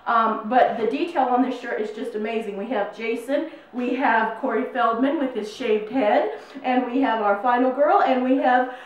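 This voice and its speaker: A middle-aged woman chats through an unboxing video in a fairly high voice, bubbly and full of fillers. The room is very echoey. She sits at a distance from the mic. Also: normal speed. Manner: bubbly, gushing, chatty with many fillers. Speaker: YouTube unboxing host. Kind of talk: casual unboxing vlog. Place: home room, in New Mexico.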